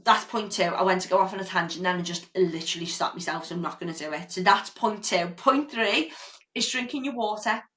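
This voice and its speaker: A woman's voice: on the low side, fairly quick, pushed and bright. A young British woman hosting a fitness podcast, talking casually and bluntly with the odd swear, often checking in with "okay?". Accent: British English. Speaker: podcast host, fitness coach.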